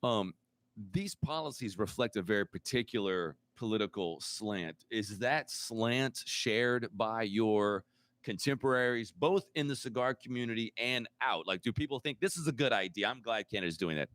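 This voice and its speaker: A man co-hosting a casual live chat, speaking earnestly and in a measured way. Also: lowish voice, animated, fairly bright tone, no room sound. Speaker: podcast co-host.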